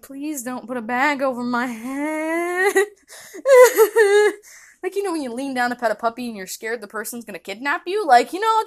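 A young woman from the United States, hosting a podcast from her kitchen, telling a story in a casual, animated way, laughing often and acting out what people said. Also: a little high. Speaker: podcast host. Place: home kitchen.

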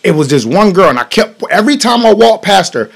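Animated, profane man telling a story. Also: sits high, brisk, gravelly. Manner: animated, profane, swings from loud to hushed. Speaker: podcast host. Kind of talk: casual storytelling.

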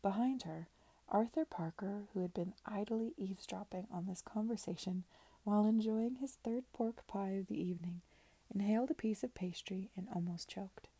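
A woman reading a novel aloud softly in a whispered reading. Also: mid-range voice, normal speed, husky, no room sound. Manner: soft, hushed narration. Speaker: reader.

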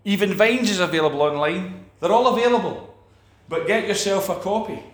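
A man's voice: high voice, a little fast. Emphatic man preaching in an echoey room. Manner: emphatic, repeats phrases and restarts. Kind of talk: sermon.

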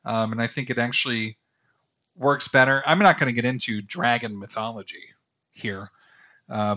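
A man in his thirties talks through his podcast in a loose, meandering way. He stumbles over restarts and fillers and pokes fun at himself. His voice sits at a middle pitch, and the recording sounds slightly muffled and lo-fi. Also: bright, forceful tone. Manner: rambling, self-deprecating, with many fillers and restarts. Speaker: podcast host. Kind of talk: casual solo podcast commentary.

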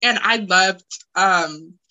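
A young adult woman co-hosting a podcast, chatting casually in an excitable, giggly way. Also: medium pitch, dull audio. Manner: excitable, giggly, quick to laugh. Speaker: podcast co-host. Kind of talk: casual chat.

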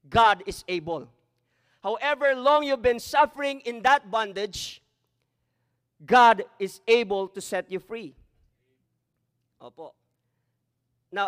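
A man's voice: high voice, a bit bright. A man preaching a sermon as pastor, slipping Tagalog phrases into his English. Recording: echoey hall.

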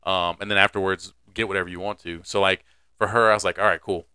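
A man's voice: low voice, steady tone, fast talker, bright, forceful tone, clean tone, no room sound, studio quality. A young man co-hosting a podcast, chatting casually, joking crudely and laughing often. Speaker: podcast co-host. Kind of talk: casual chat.

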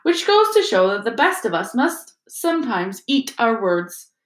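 A woman reading aloud plays a kindly old wizard headmaster with a soft, calm, gently amused way of speaking. He sounds patient and warm-hearted. The storybook recording rings with a roomy echo. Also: fairly high pitch, measured pace, pitched above the performer's own voice. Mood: wry. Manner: gentle, calm, softly twinkling.

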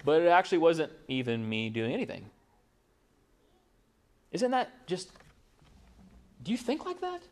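A man's voice: on the high side, a little slow, long pauses. A man preaching a sermon, asking the room questions and acting out little dialogues as he goes. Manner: animated preaching, rhetorical questions, acts out dialogue. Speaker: pastor.

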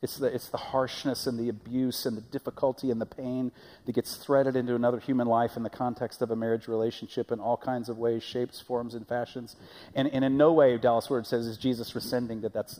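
A man's voice: medium pitch, steady tone, brisk, dark tone. A male pastor preaching a sermon in a conversational way, often asking the congregation questions, recorded in a church sanctuary. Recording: long reverb of a church hall.

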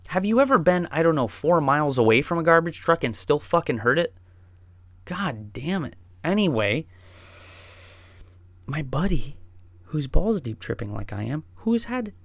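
A young man telling a comedic story, profane and animated, swinging from loud rants to hushed retellings. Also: mid-range voice, creaky, no room sound. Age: young adult.

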